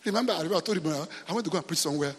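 A man's voice: a little high, lively intonation, racing, husky, big-room sound. A man with a Nigerian accent preaching a sermon as pastor, often asking the congregation questions and repeating himself.

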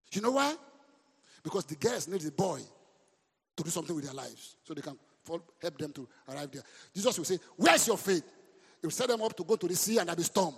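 A man preaching a sermon as a pastor. He speaks with lively emphasis, throws questions at the congregation and breaks into sudden shouts. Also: high voice, gravelly, breathy edge. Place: church hall. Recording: long reverb of a large hall.

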